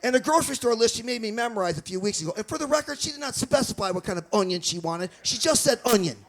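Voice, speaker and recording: With a very high-pitched, expressive voice, a male stand-up comedian from Michigan chats with the crowd, laughs at his own jokes, and hops between bits with quick asides.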